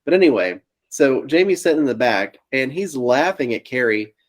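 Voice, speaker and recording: A man co-hosting a podcast, an animated storyteller in casual chat. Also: mid-range voice, moderate pace. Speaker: podcast co-host. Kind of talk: casual chat, telling stories.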